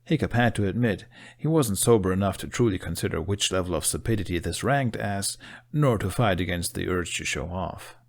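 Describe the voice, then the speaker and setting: A man narrating a fan fiction audiobook. His low voice carries the story with expressive, steady storytelling. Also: brisk, gravelly.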